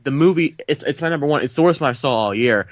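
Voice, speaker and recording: A man hosting a casual film podcast, telling stories in a lively way and acting out the quotes. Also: fast, dry recording. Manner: animated storyteller, acts out quotes with big pitch jumps. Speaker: podcast host.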